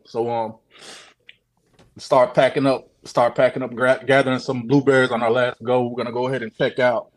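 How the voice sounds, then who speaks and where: A man telling his own odd sighting story on a call, animated, swearing often and repeating himself. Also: mid-range voice, normal speed. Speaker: guest sharing a sighting story. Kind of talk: casual storytelling on a video call show.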